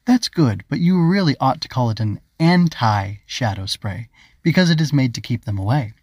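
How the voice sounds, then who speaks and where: A man voicing a tiny, fussy magical bug from a storybook, formal and proper, pitched a touch above a plain man's voice, dry close sound. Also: animated, moderate pace, a little mellow, breathy edge, no echo. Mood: prim. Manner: formal and proper, calls others dear. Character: small prim fussy glowing male bug creature.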